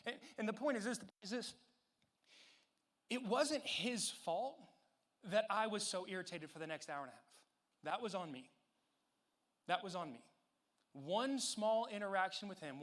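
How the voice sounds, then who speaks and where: High-voiced young man preaching casually. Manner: animated, casual, many fillers. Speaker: youth pastor. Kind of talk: storytelling sermon.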